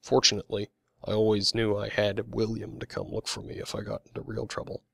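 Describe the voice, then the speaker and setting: A man's voice: on the low side, completely flat delivery, fairly quick, gravelly, dry recording, clean studio sound. A man voicing a fussy, distracted older woman in an audiobook, doting and condescending.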